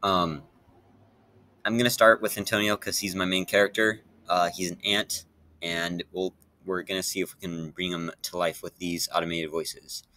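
Low-voiced guy chatting in a casual vlog. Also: little pitch movement, normal speed, sharp tone. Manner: rambling, many fillers and restarts. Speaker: YouTuber.

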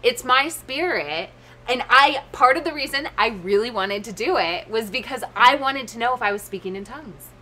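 A woman's voice: on the high side, expressive, normal speed, pushed and bright. A woman co-hosting a casual faith chat who rambles loosely and fills her talk with "like.". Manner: rambling, heavy use of "like". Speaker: co-host.

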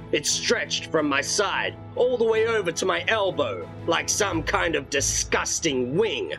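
A man's voice: fairly high pitch, very animated, unhurried, creaky, hardly any pauses, music in the background, poor audio. A man reading a horror storybook aloud in dramatic first-person narration.

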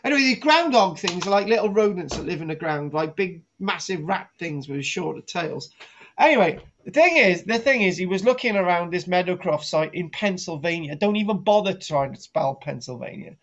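Brief: middle-aged male archaeologist on a live stream, high voice, jokey and rambling, muffled lo-fi sound. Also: expressive, normal speed, fairly bright tone. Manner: jokey, rambling, restarts sentences, teases his co-host. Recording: dull lo-fi home stream audio.

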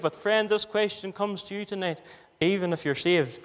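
A man's voice: high voice, fairly even intonation, moderate pace. A man with a Northern Irish accent preaching a fervent gospel sermon, stretching out repeated phrases. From Northern Ireland. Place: gospel hall. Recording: reverberant hall.

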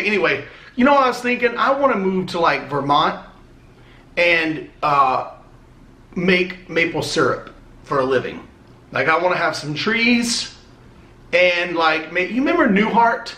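A man's voice: sits high, pushed and bright. A man opening fan mail on a casual vlog, chatty and rambling, swearing now and then. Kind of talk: casual chat. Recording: echoey room.

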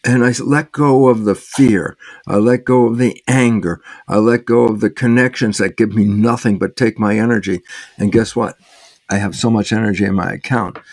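An older man, a guest in an interview, explaining ideas in a lively storytelling way, acting out little dialogues and chuckling often. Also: lowish voice, normal speed, no room sound. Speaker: interview guest, biologist and author. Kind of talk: conversational explaining.

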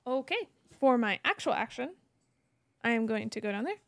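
A woman with a fairly high, gravelly voice, recorded dry and close. She chats casually at a board game table, asking about the rules as she plays. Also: sing-song, moderate pace, fairly bright tone, no room sound. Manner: chatty, asks rule questions. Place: indoors at a table.

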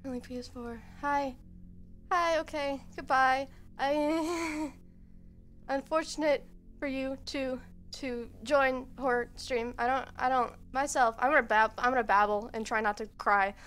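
A young woman streamer giving quiet, nervous, rambling let's-play commentary at home into a headset mic. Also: high voice, steady tone, unhurried, soft background music.

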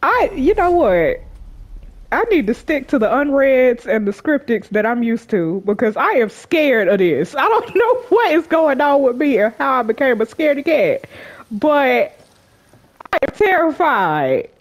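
A woman's voice: sits high, very animated, unhurried. A woman giving casual gameplay commentary as a YouTuber, chatty and slangy with her viewers, jumpy and laughing nervously, shrieking as she plays. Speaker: gaming YouTuber.

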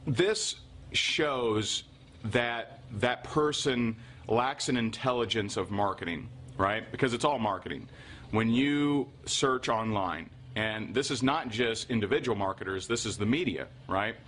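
A man's voice: medium pitch, unhurried, fairly bright tone, a little hiss or hum. A man hosting his own show, talking casually to viewers and often asking "right?". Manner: chatty, keeps asking "right?"; frequent fillers and restarts. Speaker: show host.

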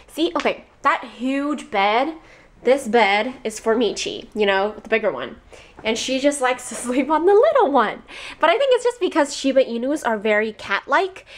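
Young female vlogger, chatty and giggly, slightly higher voice, talking to camera at home. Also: lively intonation, moderate pace. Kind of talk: casual vlog chat. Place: apartment bedroom.

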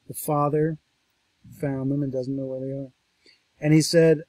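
A man lecturing on a scripture passage, reading verses aloud in a raised, slower voice and then explaining them casually, thinking aloud with restarts and asides. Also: mid-range voice, flat delivery, no room sound. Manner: reads quoted verses louder and slower, then explains conversationally. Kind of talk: reading and commenting on a text.

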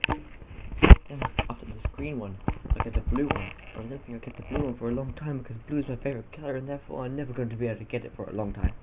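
A man's voice: medium pitch, racing, hardly any pauses. A man, vlogging in a playful, rambling chat to camera. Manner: playful, rambling, goofy asides. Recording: tinny lo-fi camera audio with loud hiss.

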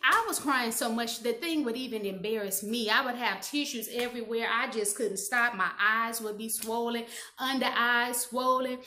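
This is a woman with a fairly high, bright voice telling her own story to the camera in a candid, chatty way. She laughs at herself now and then. The sound is echoey, as if she were in a bare room. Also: normal speed. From Gary, Indiana, USA. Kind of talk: casual storytime monologue.

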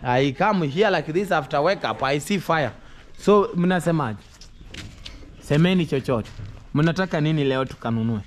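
A man's voice: a little high, lively intonation, moderate pace, slight background noise. A man talking casually to camera in broken English and coaxing his young children, in a home family vlog. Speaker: vlogger.

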